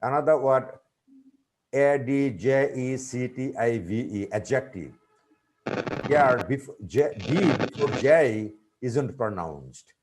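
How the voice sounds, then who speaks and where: A man giving a webinar lecture on teaching vocabulary, speaking deliberately and spelling out words letter by letter. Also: mid-range voice, lively intonation, a little mellow, a little hiss or hum. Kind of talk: lecture presentation.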